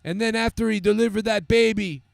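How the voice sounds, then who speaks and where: A man's voice: sits high, steady tone, brisk, gravelly, no room sound, voice pushed up. A man putting on the accent of a famous laid-back male rapper, spinning a crude, rambling tall tale. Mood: boastful storytelling. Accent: put-on rapper accent.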